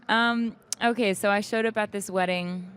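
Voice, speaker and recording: Backstage at an event, a young woman singer chats candidly as an interview guest, laughing often while telling her stories. Her medium-pitched voice is a bit bright, with fairly even intonation and a normal pace, against slight background noise.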